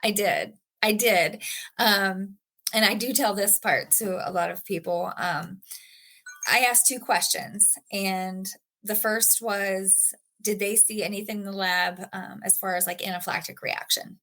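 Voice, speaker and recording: A woman's voice: mid-range voice, steady tone, a little slow, a bit bright. Woman guest, earnest and heartfelt, mid-range voice, conversational podcast storyteller. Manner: earnest, emotional, with frequent fillers. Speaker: patient guest. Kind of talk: personal story in a podcast interview.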